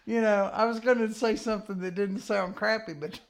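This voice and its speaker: A man co-hosting a podcast in casual chat, joking around and throwing in quick asides. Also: sits high, steady tone, gravelly. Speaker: podcast co-host.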